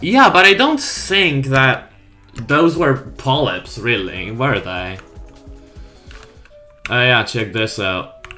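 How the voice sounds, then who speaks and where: A woman's voice: rumbling low, lively intonation, takes it slowly, pauses often, pushed and bright, soft background music. A woman streamer chatting casually over gameplay, sweary and wry, often mocking herself.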